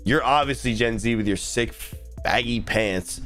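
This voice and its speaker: A man's voice: medium pitch, moderate pace, a bit bright, faint music behind. Joking young man reacting to a video. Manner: blunt, joking, swears freely. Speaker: YouTube reaction host. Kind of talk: casual reaction commentary.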